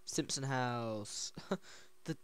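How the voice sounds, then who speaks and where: An excitable, giggly let's play co-host reading signs aloud, with a voice going hoarse. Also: medium pitch, extremely slow, a crowd in the background. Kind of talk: casual gameplay commentary.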